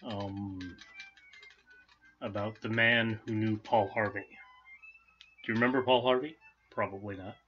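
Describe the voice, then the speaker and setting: A man's voice: on the low side, fairly even intonation, a little slow, long pauses, faint music behind. A man hosting a daily game playthrough, chatting casually and rambling with self-amusement as he tries out a soothing voice, on a dull lo-fi recording. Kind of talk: casual chat over gameplay.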